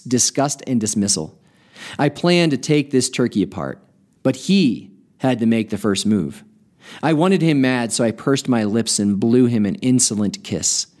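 A podcast host reading a story aloud in an expressive storytelling manner. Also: male voice, medium pitch.

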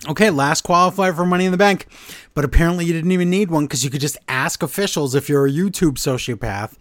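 A man's voice: a little high, fast talker, no room sound. A man co-hosting a podcast, recapping wrestling shows in a casual, exasperated and mocking way. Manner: animated, exasperated, mocking the quotes.

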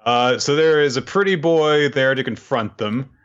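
A man's voice: medium pitch, normal speed, lo-fi sound. A man casually recapping a manga chapter on a podcast, laid-back and chuckling, with lots of fillers. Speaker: podcast co-host.

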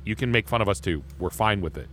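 A man's voice: on the low side, lively intonation, fast talker, a bit bright, slight background noise. A man co-hosting a podcast, rambling through casual chat with crude jokes and constant restarts. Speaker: podcast co-host.

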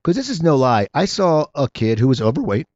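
A man hosting a casual chat, rambling and animated, often restarting his sentences. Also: mid-range voice, brisk, no echo, muffled recording. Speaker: podcast host.

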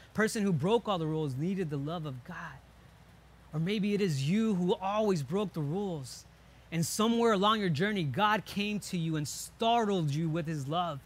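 A young man preaching a sermon as pastor, earnest, slowing down for emphasis and dropping soft on key lines. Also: on the high side, slightly rough. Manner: earnest, with slow emphatic pauses and soft drops.

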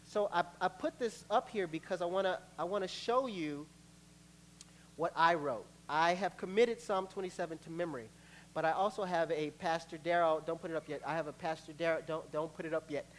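A man preaching as a pastor in a church, his voice sitting a little high for a man. He talks in a lively, playful way, acting out bits of dialogue, with a faint hum underneath the recording. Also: moderate pace. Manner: lively, playful preaching with laughs and acted-out quotes. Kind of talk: sermon. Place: church sanctuary.

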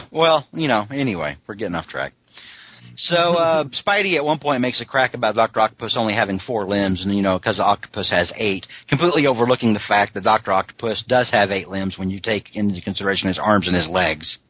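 A man's voice: fairly low pitch, expressive, a little fast, no room sound, lo-fi sound. A man co-hosting a podcast, chatting casually and rambling, with lots of "you know" asides. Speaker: podcast co-host. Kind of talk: casual chat.

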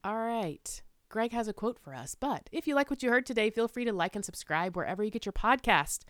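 A woman's voice: on the high side, animated, a little fast, fairly bright tone, no echo, clean studio sound. A woman co-hosting a podcast in casual chat, talkative, with lots of fillers and laughter. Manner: chatty, laughs often, many fillers. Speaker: podcast co-host.

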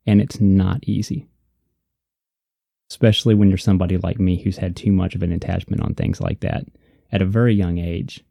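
A man's voice: low voice, fairly even intonation, normal speed, vocal fry, dark tone, no room sound, lo-fi sound. A man co-hosting a casual faith discussion, earnest and reflective, repeating points for emphasis. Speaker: podcast co-host.

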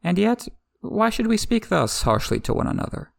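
Casting: oily, threatening envoy, read by a man, gravelly and lively. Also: high voice, normal speed, dry recording, clean studio sound, voice pushed up, heavily acted. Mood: smooth. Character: haughty male slaver envoy, smooth and threatening.

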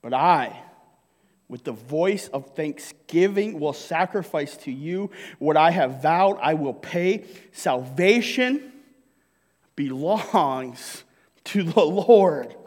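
A man's voice: fairly high pitch, lively intonation, slow, a little mellow, in a large hall. A male pastor preaching a sermon to his congregation, joking and often checking in with "right?". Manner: jokey, keeps asking the congregation "right?". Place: church sanctuary.

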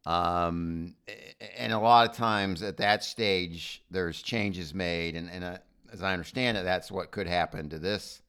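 American male podcast host, lowish voice, halting, opinionated chat. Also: fairly bright tone, smooth. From United States. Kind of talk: casual chat.

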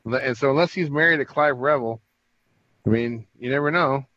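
A man's voice: mid-range voice, a little fast, pushed and bright, dull audio. A man co-hosting a podcast, making dry, offhand remarks in casual chat. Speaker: podcast co-host.

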